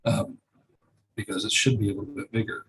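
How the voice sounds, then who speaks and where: A man's voice: on the low side, fairly even intonation, a little fast, fairly bright tone, rough recording. A man teaching over a screen share in a loose, casual way, swearing and thinking aloud as he clicks through. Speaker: marketing instructor.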